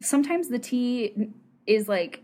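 A woman's voice: a little high, animated, a little slow, dark tone. An American woman chatting casually as a co-host, rambling along with plenty of fillers and restarts. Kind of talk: casual chat.

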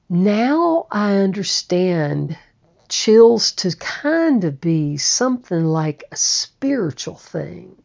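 A woman telling a personal recovery story in a slow, halting way, often repeating words. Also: fairly low pitch, gravelly, darkish tone. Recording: muffled lo-fi recording.

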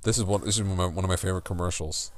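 A man co-hosting a casual podcast, excitable and thinking out loud while guessing slogans. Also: low-pitched, racing. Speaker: podcast co-host. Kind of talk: casual chat.

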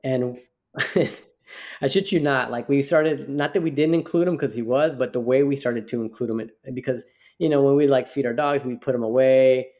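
Male podcast co-host, mid-pitched, talks in long rambling anecdotes. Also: normal speed, darkish tone. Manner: rambling storyteller, many restarts and fillers. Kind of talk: casual chat.

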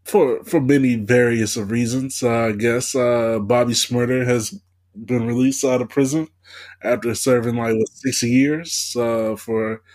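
Slow-talking hesitant man on a podcast. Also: mid-range voice, fairly even intonation, darkish tone. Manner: hesitant, many uh and you know fillers. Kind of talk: casual chat.

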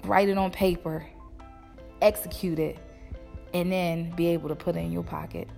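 A woman's voice: fairly low pitch, fairly even intonation, normal speed, gravelly, darkish tone. A young woman entrepreneur giving a blunt, motivational talk to her viewers, cussing freely. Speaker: entrepreneur and vlogger. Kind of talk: casual motivational talk to camera. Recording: long echo with music behind.

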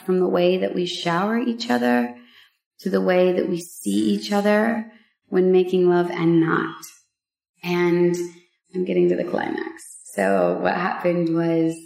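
A woman on a vlog, telling a personal story in a casual, heartfelt way, with emotional pauses and many fillers. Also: fairly low pitch, vocal fry, darkish tone, roomy sound. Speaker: vlogger sharing a personal story.

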